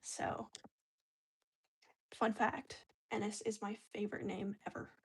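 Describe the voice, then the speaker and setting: A woman's voice: medium pitch, level tone, takes it slowly, creaky, a little mellow, husky. A woman vlogging casually while she crafts, talking in a chatty, rambling way full of slang.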